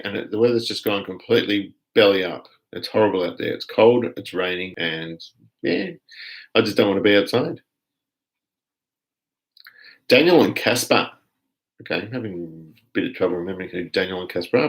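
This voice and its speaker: A low, gravelly-voiced Australian man talks through a laid-back live stream, greeting viewers and rambling easily from one comment to the next. His tone is casual and unhurried, like he is chatting across a workbench. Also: rough recording.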